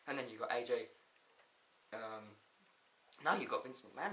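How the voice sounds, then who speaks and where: Man, giggly, rambling, casual review, bright tone, echoey room. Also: mid-range voice, fairly quick, long pauses, a little hiss or hum. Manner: giggly, laughs often, rambling recap with quoted lines. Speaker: wrestling show reviewer.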